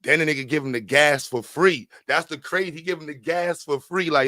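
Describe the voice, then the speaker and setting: A man with a fairly high voice rants his way through a comedy podcast. The sound is dry and close-miked, and he swings from chatter into sudden loud outbursts. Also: fairly quick, few pauses, dry recording. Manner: animated, bursts into loud outbursts. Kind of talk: comedic rant.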